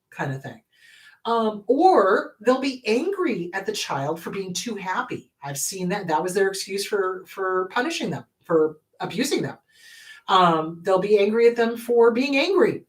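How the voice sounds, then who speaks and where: Animated woman therapist answering questions. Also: medium pitch, unhurried. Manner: animated and emphatic, acts out quoted parents. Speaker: therapist and show host. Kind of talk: answering viewer questions on a talk show.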